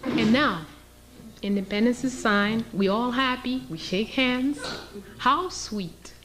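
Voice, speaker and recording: A woman's voice: on the high side, slow, fairly bright tone, slight background noise. A woman professor from Haiti lecturing with passion, sarcastic and rhetorical. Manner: rhetorical, sarcastic, role-playing scenarios. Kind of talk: impassioned lecture.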